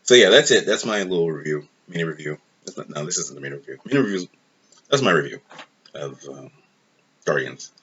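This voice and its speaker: A man with a very low, husky voice hosting his own film review channel. He rambles casually through his complaints, with plenty of fillers and frustration. The recording is dull and lo-fi. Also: expressive, fairly quick, fairly bright tone. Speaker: movie review host.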